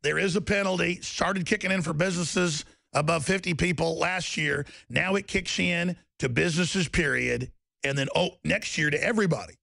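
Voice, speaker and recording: A man's voice: fairly high pitch, moderate pace, creaky, pushed and bright, no echo, clean studio sound. A man hosting a talk radio show, ranting in a mocking, sarcastic, heated monologue.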